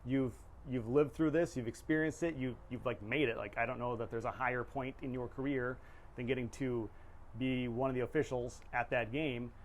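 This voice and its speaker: A man's voice: mid-range voice, steady tone, moderate pace, a little hiss or hum. A man hosting a podcast interview, reflective and hesitant, thinking aloud with many restarts. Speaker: podcast host. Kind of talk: casual interview conversation.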